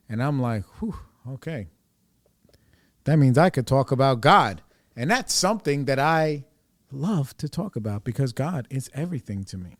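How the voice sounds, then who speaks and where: A man's voice: medium pitch, a little mellow, no echo. A man in his forties hosting a podcast, telling a personal story in a rambling, candid, profane way. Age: 40s. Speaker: podcast host.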